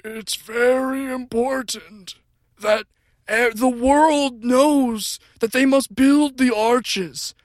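A man's voice: very high-pitched, steady tone, very slow, no echo, pitched above the performer's own voice, exaggerated voice. A man putting on the voice of a solemn, cryptic older man who speaks in portentous riddles.

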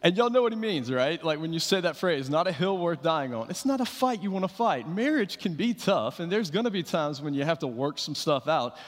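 A man's voice: on the high side, sing-song, brisk, few pauses. A man preaching a sermon, talking conversationally with fillers and restarts as he tells stories. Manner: conversational storytelling with fillers and repeated starts. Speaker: pastor. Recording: reverberant hall.

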